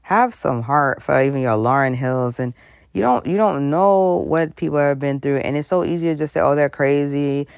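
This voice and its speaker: A woman's voice: sits low, moderate pace, gravelly, dry recording, studio quality. A woman host giving a frank, conversational commentary monologue, full of asides and acted-out voices. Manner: animated, conversational, frank, breaks into laughs and voices.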